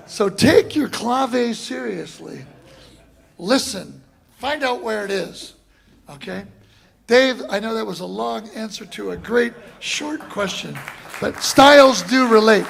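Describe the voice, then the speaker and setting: A man teaching a drum masterclass, telling a long story in an animated way and acting out other people's voices with shouts. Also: very high voice, moderate pace, creaky, husky. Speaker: drum clinician. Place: college classroom before an audience.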